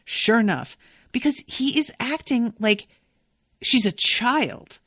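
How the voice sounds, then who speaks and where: A woman's voice: fairly high pitch, expressive, slow, a bit bright, no echo, studio quality. A woman hosting a podcast, chatting casually and candidly through a recap, swearing freely and reacting with feeling. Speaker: podcast host.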